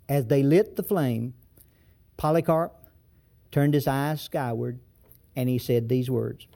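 A man's voice: medium pitch, measured pace, warm tone. A male pastor preaching a sermon, emphatic and full of repeated rhetorical questions.

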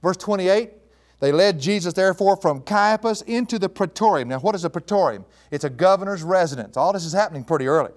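A man giving a verse-by-verse Bible teaching, emphatic and animated, with chuckling asides. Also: high voice, quick pace.

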